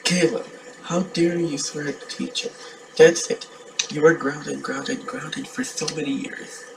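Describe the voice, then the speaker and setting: A man voicing angry parents scolding their son, shouting threats in rushed bursts, recorded on a distant mic. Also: a little high, fairly even intonation, gravelly. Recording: distant mic with loud background noise.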